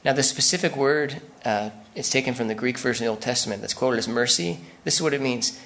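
A pastor delivers a sermon in a relaxed, conversational way, and every so often he acts out the voices of the people in his examples. His voice sits at an ordinary pitch for a man and carries a noticeable gravelly rasp. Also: quick pace, few pauses.

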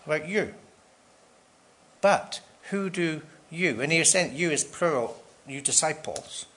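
A man preaching an expository sermon, emphatic and full of rhetorical questions and dramatic pauses. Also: on the high side, a bit bright.

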